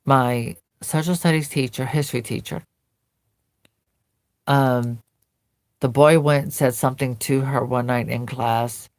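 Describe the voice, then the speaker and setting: A woman's voice: rumbling low, dry recording. A woman vlogger earnestly recounting a painful memory, telling it in vivid present tense. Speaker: doll collector vlogger. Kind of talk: personal storytelling to camera.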